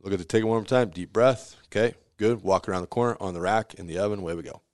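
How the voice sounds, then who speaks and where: A man's voice: on the low side, fast, no echo, studio quality. A man who owns a pizzeria, telling stories in a casual interview, acting out the voices of the people in them and laughing often. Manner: animated storyteller who acts out quoted voices, laughs often. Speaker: pizzeria owner.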